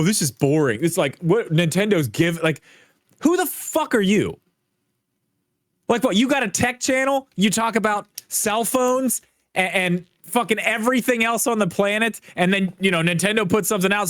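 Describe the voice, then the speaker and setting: A man's voice: sits high, a bit bright, no room sound, studio quality. A man co-hosting a casual gaming podcast, ranting with heavy swearing and strong emphasis. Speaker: podcast co-host. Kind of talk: casual opinionated chat.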